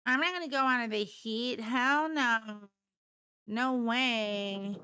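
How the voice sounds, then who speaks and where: A woman's voice: fairly high pitch, slow, bright, forceful tone, clear, resonant tone, no echo. A woman voicing a lazy, entitled young American in a sarcastic, mocking tone.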